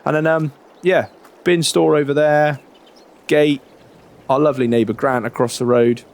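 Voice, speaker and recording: A man, chatting in a relaxed, rambling way during a farming game roleplay. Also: fairly high pitch, moderate pace. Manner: relaxed, chatty, many fillers and restarts. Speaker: roleplay creator.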